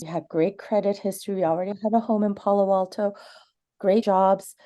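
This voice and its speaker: A woman's voice: medium pitch, mellow. A woman in her forties, who grew up in Canada, gives earnest, candid personal testimony during public comment. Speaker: community member giving public comment.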